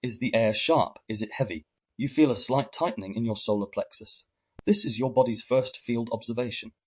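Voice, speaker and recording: Husky-voiced man narrating a guided journey. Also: medium pitch, brisk. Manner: calm, second-person guiding voice.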